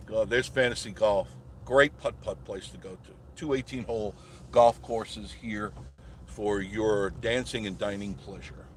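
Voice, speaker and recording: A man hosts a live stream from behind the wheel, chatting and rambling in a folksy way. His voice sits a little low. Car and road noise are clearly heard under him. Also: a little slow. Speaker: channel host. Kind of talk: live-streamed driving chat.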